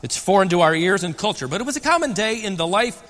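A man preaching a sermon as pastor, swinging between loud emphatic peaks and hushed, low passages. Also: lively intonation, fast, big-room sound.

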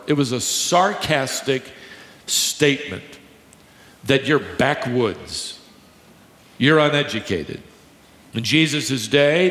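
A man preaching a sermon to a congregation, teaching emphatically, slowing down to stress key words and joking with the crowd. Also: a little high, fairly bright tone. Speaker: pastor. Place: large church hall with a live congregation. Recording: echoey hall, long reverb.

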